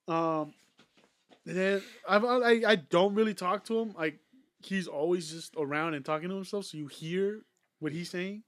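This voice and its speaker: Young male podcast host, slightly higher voice, loose rambling storyteller, swears a lot, casual banter. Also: normal speed, a bit bright, no echo, clean studio sound. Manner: rambling, profane storytelling full of "like". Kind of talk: casual chat.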